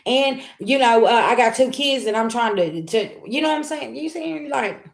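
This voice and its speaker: A woman's voice: fairly high pitch, moderate pace, vocal fry, echoey room. Chatty woman giving a tarot reading. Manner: colloquial, talks straight at the audience; acts out quoted people in lively voices. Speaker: tarot reader. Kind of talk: casual tarot reading to viewers.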